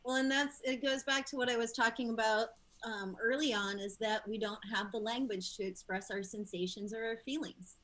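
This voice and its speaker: A woman's voice: fairly high pitch, fairly even intonation, moderate pace, few pauses, a bit bright, rough recording. Earnest woman leading a discussion. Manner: earnest, reflective, many fillers. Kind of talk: casual discussion.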